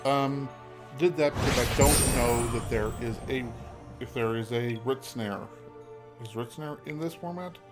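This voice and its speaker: A man of ordinary pitch talks through his card game plays, musing aloud and pausing often on ums as he checks things. Clear background music runs steadily behind his voice. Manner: thinks aloud, hesitant, many ums. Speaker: streamer playing a digital card game. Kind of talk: casual gameplay commentary.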